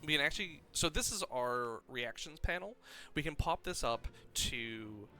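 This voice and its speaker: A man streaming a video game, chatting casually as he explains the mechanics and reacts with quick bursts of excitement. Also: on the high side. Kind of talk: casual gameplay commentary. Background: game music.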